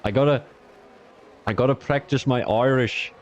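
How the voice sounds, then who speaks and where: A man's voice: mid-range voice, normal speed, lo-fi sound, slight background noise. A young man from Belgium, giving chatty live-stream commentary on an online racing league and talking to his chat between calls.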